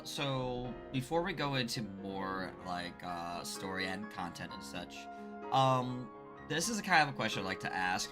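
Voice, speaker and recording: A man hosting a casual streamed interview about a game, upbeat and rambling, with many fillers. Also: lowish voice. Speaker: host.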